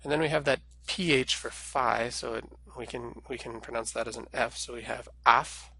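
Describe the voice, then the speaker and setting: A man's voice: mid-range voice, fairly even intonation, moderate pace, sharp tone, a little hiss or hum. A man giving a recorded language lesson, explaining pronunciation patiently and step by step. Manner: clear, patient, step-by-step teaching. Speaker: Greek language instructor.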